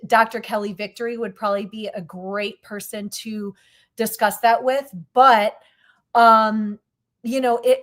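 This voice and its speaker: A woman guest co-host in casual podcast chat, blunt and candid, with many fillers and restarts. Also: on the high side.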